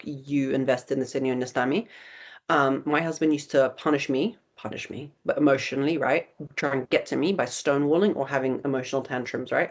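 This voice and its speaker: A woman in her thirties hosting a live webinar Q&A, answering viewer questions with blunt, emphatic advice and lots of rhetorical questions. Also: rumbling low.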